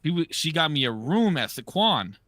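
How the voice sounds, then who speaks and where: A man's voice: fairly high pitch, very animated, moderate pace, fairly bright tone, dry recording. A man hosting a podcast, telling gambling stories in a loose, profane, casual way. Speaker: podcast host. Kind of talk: casual chat.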